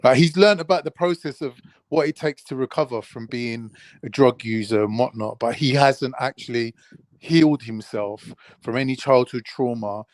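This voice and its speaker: A man's voice: mid-range voice, normal speed, no room sound, poor audio. A man giving blunt, dismissive opinions in a casual debate. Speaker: podcast co-host reacting.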